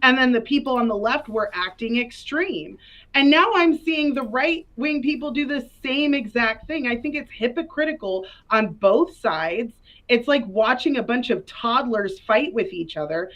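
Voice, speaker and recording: A woman argues on a live panel, sounding fed up and exasperated. Her voice is a bit high, and the audio comes through dull and lo-fi. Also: animated, moderate pace, a bit bright. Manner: frustrated, exasperated complaining. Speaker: debate panelist. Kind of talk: casual political debate.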